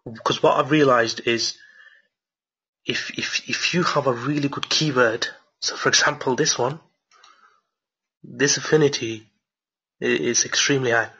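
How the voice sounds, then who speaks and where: Excited man teaching a marketing tutorial. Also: mid-range voice, measured pace, pauses often, breathy edge, muffled recording. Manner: enthusiastic, repeats himself, many restarts. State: up late at night. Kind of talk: screen-share tutorial with viewer Q&A.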